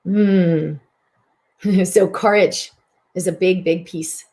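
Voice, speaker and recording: Expressive woman with a lowish voice. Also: very slow. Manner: expressive, slips into voicing inner thoughts with big pitch swings; repeats words for emphasis. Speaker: host and physician. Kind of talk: mind-body self-help broadcast.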